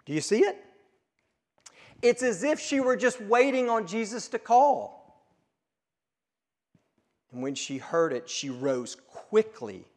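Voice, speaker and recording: A male pastor preaching a sermon, earnest and emphatic at peaks, then dropping to a hush. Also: a little high. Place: church sanctuary. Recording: long reverb of a church hall.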